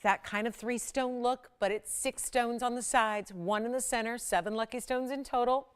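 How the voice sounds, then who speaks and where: A woman hosts a live shopping channel, selling jewelry in a chatty, persuasive style that climbs to excited highs. Her delivery is smooth and her pace is normal.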